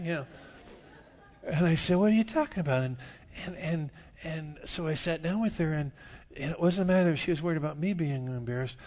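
A middle-aged man preaching a sermon, telling stories and swinging from quiet asides to loud outbursts. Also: medium pitch. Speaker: pastor. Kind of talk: sermon with storytelling.

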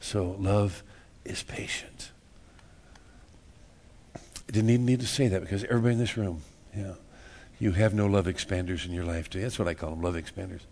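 A man's voice: low voice, fairly even intonation, racing, few pauses, darkish tone. A man preaching a sermon in a church, folksy and joking, repeating words and acting out little everyday scenes. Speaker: pastor.

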